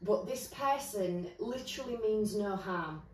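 A woman talks through a tarot spread in a chatty, earnest way, often restarting her sentences as she thinks aloud. Her voice sits at a middle pitch. It rings in a roomy space and sounds a little off-mic. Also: expressive, measured pace, a little mellow, a little hiss or hum. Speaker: tarot reader. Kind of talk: casual spoken tarot reading. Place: indoors, standing at a table of cards. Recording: roomy echo, voice heard from a distance.

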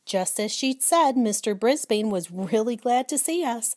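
A woman's voice: a little high, lively intonation, measured pace, a little mellow, dry recording, clean studio sound. Woman reading a storybook aloud. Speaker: audiobook reader. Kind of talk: storybook narration.

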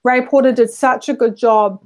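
A woman's voice: fairly high pitch, fairly even intonation, normal speed. Chatty rambling Kiwi woman. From New Zealand. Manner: rambling, self-correcting. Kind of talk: casual chat.

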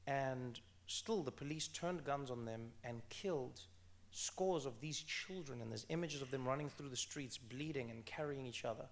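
Gravelly South African man, earnest. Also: medium pitch, normal speed. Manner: earnest and emphatic, repeats phrases for stress. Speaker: author guest at a book event. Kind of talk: onstage conversation.

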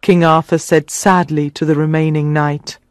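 A man narrating a simple story for English learners with a clear, dramatic reading. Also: on the high side, level tone, moderate pace, dry recording, studio quality.

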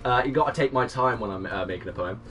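A young man in his twenties live-streaming a game, greeting and thanking viewers and breaking into excited shouts. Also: medium pitch, quick pace, distant mic, slight background noise. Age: 20s. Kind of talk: live-stream chat reading out viewers' messages.

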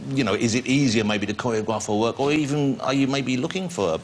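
A man's voice: mid-range voice, fast talker, slight background noise. A man hosting a talk show, bantering playfully and laughing with his guest.

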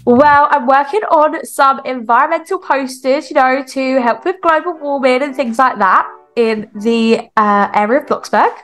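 A woman's voice: high-pitched, normal speed, few pauses, a bit bright, faint music behind. A woman hosting a game role-play as a busy mayor mother who talks chattily and gets exasperated with her kids.

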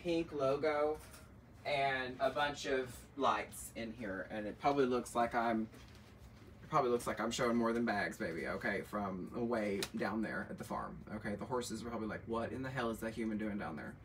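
A man's voice: mid-range voice, moderate pace, slight background noise. A middle-aged man hosting a live luxury bag sale, chatting and teasing viewers in a campy, sassy way, in an indoor shop room. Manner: campy, animated and sassy, full of asides and teasing. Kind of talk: chatty live-stream selling, reading viewer comments. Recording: voice picked up from a distance.

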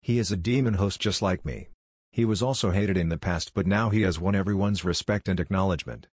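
A man's voice: low-pitched, fairly quick, darkish tone, breathy edge, dry recording, clean studio sound. A man reading the part of a kind, confident young male ninja leader who speaks earnestly and persuasively. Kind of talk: audiobook reading of fan fiction.

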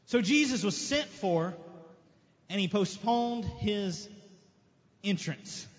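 A man's voice: sits high, expressive, slow, long pauses. A man pastor reading scripture and then preaching earnestly, repeating phrases and asking rhetorical questions, in a church. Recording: dull lo-fi church recording with long reverb.

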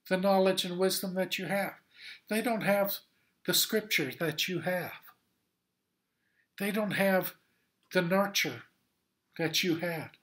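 God reasons with a stubborn prophet in a firm, rebuking voice, as a man puts him on. The pitch is lifted, and the lines build through emphatic repetition. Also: a bit bright, heavily acted. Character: God, rebuking and patient fatherly voice.

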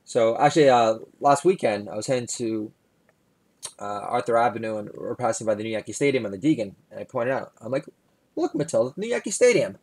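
A man's voice: lowish voice, a little fast, darkish tone. A male comedian delivering a sarcastic, rambling comedy monologue full of asides.

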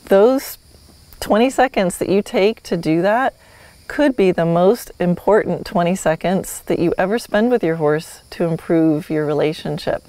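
A woman's voice: lowish voice, measured pace, mellow. A woman hosting a solo podcast, teaching horsemanship in a friendly, instructive way with light laughs.

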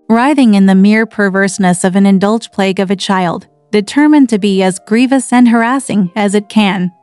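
Woman narrator, audiobook reading, measured and even, mid pitch, dry sound, faint music under. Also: dry recording.

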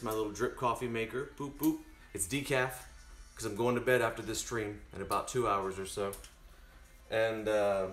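A man's voice: medium pitch, fairly bright tone, echoey room. A man chatting to his viewers while cooking live in his home kitchen. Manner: chatty, talks straight to viewers. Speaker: cooking stream host. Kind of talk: casual live cooking stream.

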